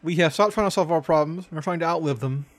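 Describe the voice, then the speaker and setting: A man with a high voice co-hosts a podcast in loose, casual chat. He jokes, swears freely and rambles from one tangent to the next. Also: fast talker. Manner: joking, profane, rambling. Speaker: podcast co-host.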